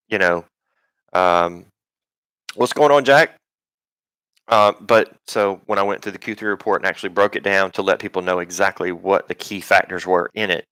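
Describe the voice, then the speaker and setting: A man's voice: low voice, a bit bright, no room sound, poor audio. A man hosting a live stream, rambling and swearing in casual talk, full of ums and restarts.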